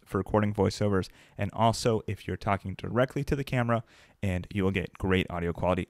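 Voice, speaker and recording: A young man giving an upbeat, conversational product review to camera from his home desk, speaking close into a desk mic on a boom arm. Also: no room sound. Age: young adult. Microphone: dynamic desk mic on a boom arm, close.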